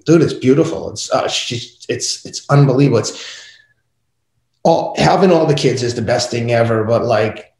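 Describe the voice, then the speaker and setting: A man's voice: mid-range voice, moderate pace, creaky. A middle-aged man, a podcast guest, telling family stories in a casual interview, acting out the voices of his kids and wife. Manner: animated, acts out family dialogue. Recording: echoey room.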